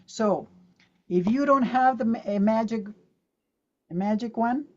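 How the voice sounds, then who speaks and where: A woman leads an online pronunciation lesson with a mellow, warm voice. She drills sample words aloud and fires questions at her listeners to keep them with her. Her sound comes over a dull, lo-fi video call line. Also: on the high side, unhurried. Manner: lively, demonstrative, drills words aloud and quizzes the audience. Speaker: pronunciation teacher presenting to teachers. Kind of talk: online teaching talk.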